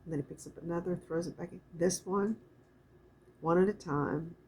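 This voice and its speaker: A middle-aged woman with a low, husky, breathy voice gives a gentle oracle card reading. She talks softly and wanders between thoughts, then slows right down to read the card texts aloud. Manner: soft, meandering, reads card texts aloud slowly. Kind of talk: spiritual card reading, casual chat.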